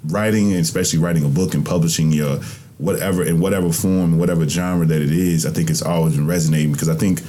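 A man's voice: low-pitched, fairly even intonation, fast, mellow, a little hiss or hum. A young man hosting a podcast, talking into a microphone in a reflective, rambling, colloquial way. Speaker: podcast host. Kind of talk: casual interview conversation.

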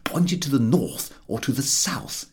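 A man's voice: mid-range voice, animated, a little slow, breathy edge, voice pushed up. A man reading the part of a cheerful, overconfident man explaining where they are, in a self-assured manner. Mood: confident.

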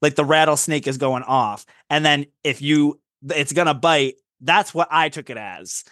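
A man with a slightly high, fairly bright voice co-hosts a podcast at normal speed, rambling in a laid-back way full of fillers. The chat is recorded at studio quality with no room sound.

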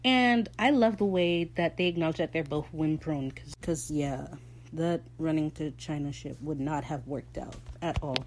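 Excitable low-voiced young woman recapping. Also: moderate pace, a little hiss or hum. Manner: excitable, swears freely, laughs often. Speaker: show recap host. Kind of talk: casual episode recap.

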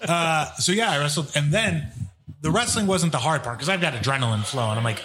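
As a podcast guest, a man who wrestles professionally tells casual stories in a fast, expressive, slightly bright voice on the higher side. He's laid-back, rambling, and liberally profane.

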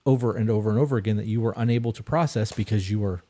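A man in his thirties co-hosts an advice podcast, his low, mellow voice coming out in rapid-fire bursts. He talks casually and bluntly, swearing and repeating himself for emphasis.

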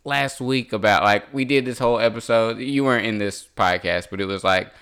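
Smooth-voiced young man, relaxed podcast chat. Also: lowish voice, fairly quick. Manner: laid-back, joking, swears casually. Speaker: podcast co-host. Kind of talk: casual chat.

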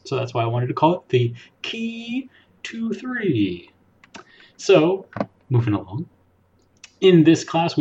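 A man's voice: mid-range voice, a little mellow, lo-fi sound. A man hosting a casual podcast, explaining things playfully like a teacher. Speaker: podcast host.

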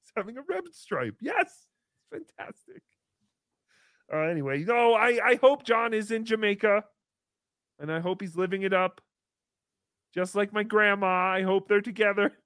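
A man's voice: high-pitched, lively intonation, normal speed, long pauses, fairly bright tone, no room sound, studio quality. A man hosting a comedy podcast, rambling in a goofy, joking way. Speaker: podcast host.

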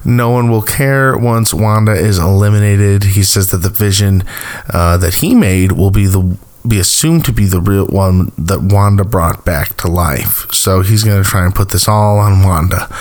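A man's voice: deep voice, fairly even intonation, normal speed, darkish tone. A man casually recapping a TV episode, rambling with lots of fillers and small chuckles. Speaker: TV recap host.

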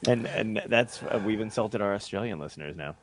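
A man's voice: on the low side, animated, a little fast, slight background noise. A man co-hosting a comedic podcast chat, joking and laughing often. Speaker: podcast co-host.

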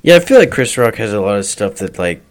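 A man's voice: fairly low pitch, very animated, fast talker. A man in casual podcast chat, laid-back with dry remarks.

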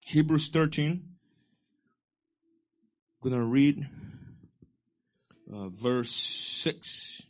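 A man's voice: mid-range voice, extremely slow, pauses often, muffled recording. A man preaching a sermon as pastor, exhorting his listeners and repeating key lines for them to say back.

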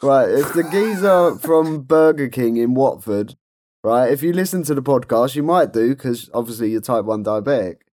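A man co-hosting a casual podcast, telling a funny story in an excitable, loud way and laughing often. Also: mid-range voice, normal speed, slight background noise. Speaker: podcast co-host.

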